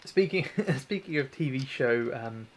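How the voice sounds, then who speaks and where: Guy rambling on a stream while he works on his airsoft gun, mid pitch, a little background noise. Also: lively intonation, unhurried. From New Zealand. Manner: rambling, chatty, self-deprecating, answers chat. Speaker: airsoft tech livestream host. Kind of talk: casual livestream chat while working on a gun.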